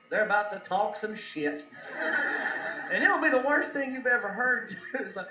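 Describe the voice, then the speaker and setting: A man's voice: high voice, animated, normal speed. A man doing a stand-up comedy set on a club stage, telling stories and laughing along. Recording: roomy, dull club recording.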